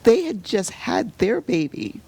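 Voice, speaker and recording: A middle-aged woman telling a painful personal story as an interview guest, halting and full of fillers, sometimes sinking to a near-whisper. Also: medium pitch, sing-song, husky. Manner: halting, full of "you know" fillers and restarts; drops to a soft near-whisper at painful moments. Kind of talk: emotional personal storytelling in conversation.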